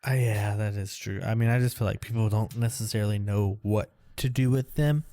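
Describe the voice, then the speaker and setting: A man co-hosting a casual fantasy football podcast, thinking out loud as he runs through draft picks. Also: lowish voice, brisk, dry recording. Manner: animated, thinks aloud while listing picks. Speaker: podcast co-host.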